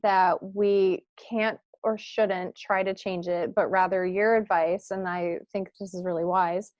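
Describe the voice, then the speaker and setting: A woman hosting an interview, asking thoughtful, measured questions over a video call. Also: on the low side, fairly even intonation, no echo, muffled recording. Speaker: host.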